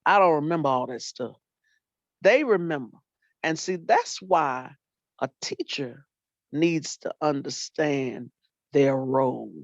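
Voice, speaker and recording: An older woman, a retired teacher and librarian, telling animated stories about her students in casual talk and acting out what people said. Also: low-pitched, takes it slowly, no echo. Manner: animated storyteller, acts out quotes, folksy Southern phrasing. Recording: dull lo-fi dry sound.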